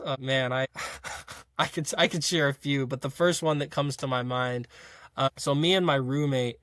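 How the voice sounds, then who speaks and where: A young college football player telling a story in a casual interview, rambling with frequent fillers and restarts. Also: male voice, medium pitch, fairly bright tone, dry recording, clean studio sound. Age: young adult.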